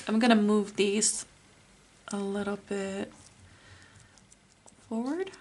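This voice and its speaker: A woman giving a spoken tarot reading, soft and earnest, with many fillers. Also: mid-range voice, expressive, takes it slowly, long pauses, slight background noise. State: tearful, emotional. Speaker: tarot reader.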